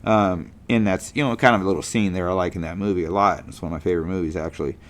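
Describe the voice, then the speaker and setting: Rambling middle-aged man, low voice. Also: steady tone, fast talker. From California. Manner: rambling, folksy, with many fillers and restarts. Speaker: podcast host. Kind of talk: casual monologue.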